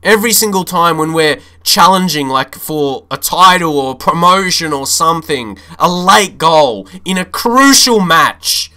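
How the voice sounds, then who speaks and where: An animated young man commenting live on his own football management game. His voice is bright and sits a little high. He swings between hope and frustration and swears often. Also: measured pace, hardly any pauses.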